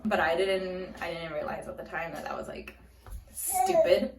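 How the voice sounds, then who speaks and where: A woman in her thirties casually telling a personal story for her vlog, chatty and animated, with lots of "like". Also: on the low side, normal speed, very noisy. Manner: chatty, animated, heavy use of "like". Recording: roomy echo, faint music.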